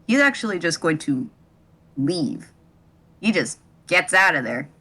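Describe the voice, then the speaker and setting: Bright, slow-talking woman game master. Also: on the low side, very animated. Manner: hesitant, laughs often between lines. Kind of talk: tabletop game narration.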